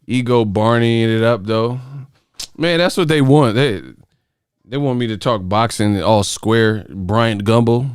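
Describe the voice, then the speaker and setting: A man hosts a boxing live stream, profane and joking. His voice is smooth and clear on a close, dry mic. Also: medium pitch, a little slow, no echo. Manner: profane, laughing, animated rants. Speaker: boxing channel host. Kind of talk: casual live-stream chat.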